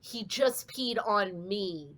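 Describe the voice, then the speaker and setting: A woman comedian, a podcast guest, chatting casually and telling animated stories with casual swearing. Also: mid-range voice, slow.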